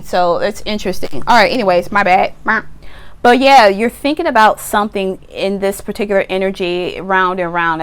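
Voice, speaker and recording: A woman giving a casual tarot reading to camera outdoors, chatty and animated, now and then acting out the viewer's voice. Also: medium pitch, clear, resonant tone. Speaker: tarot reader. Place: outdoors on a windy day. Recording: wind noise, slightly distant mic.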